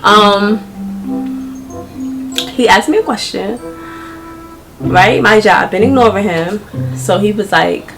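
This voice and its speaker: A young woman, telling a story to her viewers in an animated, slangy way. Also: medium pitch, takes it slowly, long pauses, soft background music, rough recording. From New York. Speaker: vlogger.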